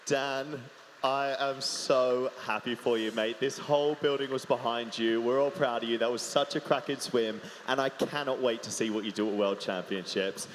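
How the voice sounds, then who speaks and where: A man's voice: medium pitch, steady tone, normal speed, a little hiss or hum. Effusive male interviewer in an echoey arena. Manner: warm, effusive, emotional. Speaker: poolside interviewer. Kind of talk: poolside interview. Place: large indoor swimming arena. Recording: echoey arena with long reverb.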